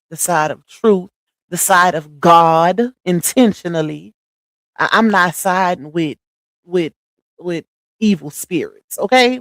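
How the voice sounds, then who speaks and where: A middle-aged woman hosting a casual livestream, preachy and animated, talking in a slangy, familiar way to her viewers. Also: on the low side, no room sound. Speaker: livestream host. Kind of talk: casual live-stream chat.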